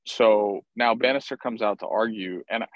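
Profane storytelling ex-ballplayer, dry sound. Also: male voice, fairly low pitch, normal speed, no echo, highs cut off. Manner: animated, profane, acts out quotes. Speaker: former baseball player, guest. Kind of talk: casual storytelling interview.

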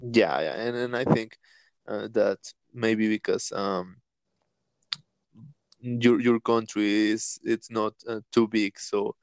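Man, low gravelly voice, very slow, hesitant with many ums, dry sound, faint music. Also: fairly even intonation, darkish tone, no room sound. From Latin America. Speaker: podcast host. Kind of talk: casual podcast conversation.

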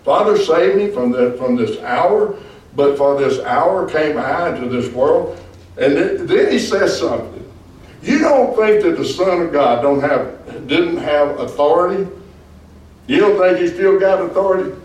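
A man's voice: on the high side, animated, a little slow, a little mellow. A man, a pastor leading a Bible study, preaching emphatically and calling out for the group to answer "Amen?". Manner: emphatic, calls for "Amen?" replies. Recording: echoey room, far from mic.

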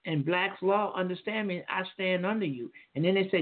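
A man's voice: high voice, a little fast, few pauses. A man calling in to a radio talk show, explaining at length in a rambling, lecturing way with many restarts. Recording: tinny phone line.

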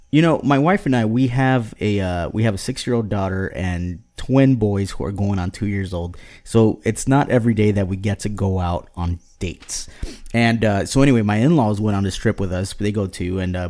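Male podcast co-host, 30s, lowish voice, loose rambling delivery, home mic. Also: a little mellow. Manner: rambling, many restarts and fillers. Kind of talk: casual podcast chat.

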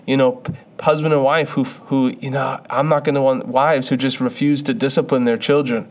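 A man's voice: mid-range voice, fairly even intonation, fairly quick. A young man giving an earnest, conversational sermon, often restarting his sentences. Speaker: preacher.

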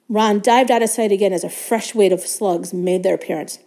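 A woman guest reader narrating a children's novel aloud in a steady, even way. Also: medium pitch, fairly quick.

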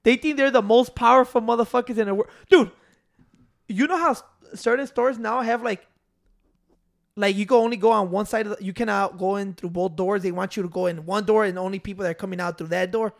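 A man's voice: sits high, brisk, creaky. Man, casual chat, profane, ranting, storytelling.

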